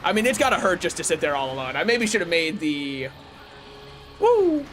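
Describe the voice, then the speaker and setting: A young American man chatting casually while streaming a game, rambling and correcting himself with sudden excited outbursts. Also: fairly high pitch, fast, a little hiss or hum. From United States. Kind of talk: casual gaming livestream chat.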